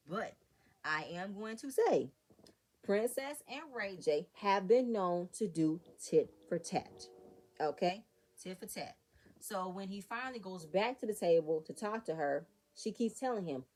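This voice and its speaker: A woman's voice: mid-range voice, darkish tone. A woman giving a sassy, opinionated recap of a reality TV episode, talking straight to her viewers. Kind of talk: casual commentary.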